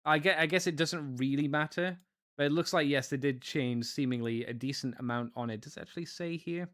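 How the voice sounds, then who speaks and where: A man's voice: fairly high pitch, fairly quick, fairly bright tone. Rambling male podcast co-host. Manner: rambling, with many fillers and restarts. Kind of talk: casual podcast chat.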